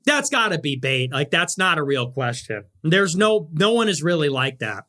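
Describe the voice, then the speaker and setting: Male streamer, bright and a bit high, sarcastic crude rant. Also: big pitch swings, normal speed. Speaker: livestreamer. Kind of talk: livestream rant.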